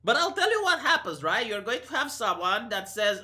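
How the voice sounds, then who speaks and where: A woman in her thirties with a Romanian accent rants sarcastically and profanely to camera in an opinion vlog. Her voice is fairly high and sing-song, with a sharp tone at normal speed.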